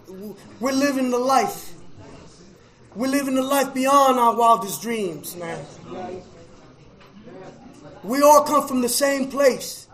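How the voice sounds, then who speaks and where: High-voiced man giving emotional testimony. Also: roomy sound, poor audio. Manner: emotional, swings from hushed to shouting; preacher-like, repeats phrases, says "man" often. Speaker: recovery speaker at a fellowship meeting. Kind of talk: personal testimony to an audience.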